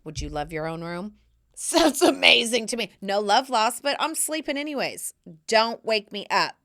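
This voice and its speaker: A woman in her forties hosting a podcast, chatting in a playful, cheeky and expressive way. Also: on the high side, moderate pace. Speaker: podcast host. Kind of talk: casual solo podcast chat.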